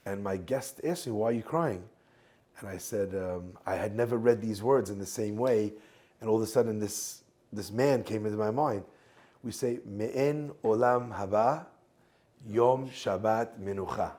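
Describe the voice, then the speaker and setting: A man's voice: lowish voice, mellow. A male rabbi, a guest in the conversation, telling reflective stories and weaving in Hebrew phrases. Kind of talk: casual conversation, reflective teaching.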